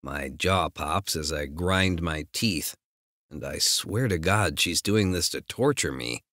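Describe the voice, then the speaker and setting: A man narrating a first-person romance audiobook in a measured, unhurried way. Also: a bass voice, animated, sharp tone, no room sound, clean studio sound.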